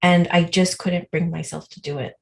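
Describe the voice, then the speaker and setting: Woman cohost rambling thru a story, kinda lowish voice, super animated. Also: moderate pace, gravelly. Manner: rambling, animated, filler-heavy. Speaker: co-host. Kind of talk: casual livestream storytelling.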